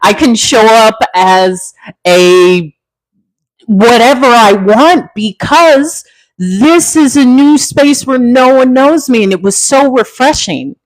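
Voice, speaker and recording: A woman's voice: slow pace, dry recording, rough recording. A middle-aged woman from Central California, hosting a casual livestream, talking in a heartfelt, reflective way and answering comments. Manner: heartfelt, reflective, wide pitch swings, laughs easily. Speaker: livestream host, former flight attendant.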